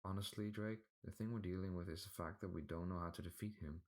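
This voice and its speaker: A calm, steady leader who lays out plans in a very deep voice, as a man reads him out. Storybook hero's guide. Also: quick pace, close to an everyday voice.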